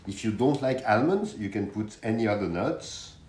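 Guy slowly walking thru a recipe, low voice, super echoey kitchen w music on. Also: animated, recorded from a distance, heavy background noise. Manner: slow, chatty, hands-on instructions. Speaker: cooking show host. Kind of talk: casual cooking demonstration. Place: home kitchen.

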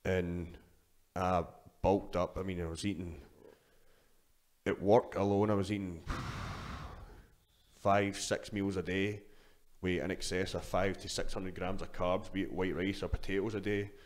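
A man's voice: low voice, level tone, a little slow. A young adult man with a Scottish accent, telling stories as a guest in a casual interview, swearing freely and restarting his sentences. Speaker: guest, powerlifter.

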